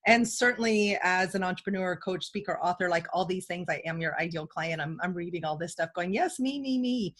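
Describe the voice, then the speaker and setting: A woman co-hosting a podcast, a little hoarse from a cold, chatting in an enthusiastic, talkative way. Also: lowish voice, fairly even intonation, brisk, few pauses, fairly bright tone. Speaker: podcast co-host. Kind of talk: casual interview chat.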